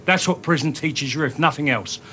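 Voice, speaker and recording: Film role: tough Cockney ex-con, cool menace, slangy, slightly raised pitch. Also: male voice, pushed and bright, a little hiss or hum. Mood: coolly menacing. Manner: street-tough, slangy, deliberate. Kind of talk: film acting.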